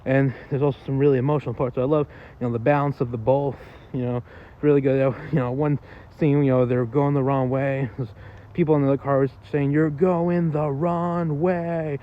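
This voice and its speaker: A man's voice: medium pitch, level tone, a little fast, dull audio. Rambling man giving a casual movie review. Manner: rambling, loose, with many fillers and casual swearing.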